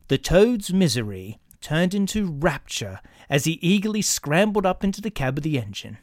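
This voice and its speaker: A man narrating a children's storybook in an expressive, animated reading. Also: on the high side, normal speed, few pauses.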